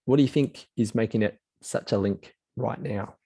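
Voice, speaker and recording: A man's voice: on the low side, normal speed, vocal fry, mellow, husky, dry recording. An Australian man co-hosting a casual football chat, talking knowledgeably about players and clubs. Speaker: co-host.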